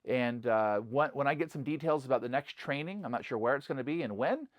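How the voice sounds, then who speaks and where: A middle-aged man, a pastor, speaks in an unscripted, conversational way, stringing thoughts together with "like" and "you know." His voice sits at an ordinary male pitch with an earnest, convinced tone. The recording is dry, with no room sound. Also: animated, fairly quick, dry recording. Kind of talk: casual spoken reflection to camera.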